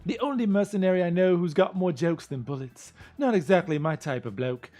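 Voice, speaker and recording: A man's voice: high-pitched, a little fast, darkish tone, faint music behind, pitched above the performer's own voice, natural voice. A man voicing a tough, sardonic woman monster hunter in a put-on Cockney British accent, reading game lore aloud in character. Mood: wry.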